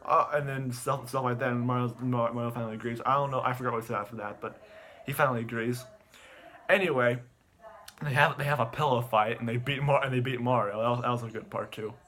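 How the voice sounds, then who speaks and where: A young man giving an animated plot recap, stammering and repeating words as he goes. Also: mid-range voice, fast talker. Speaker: online video host.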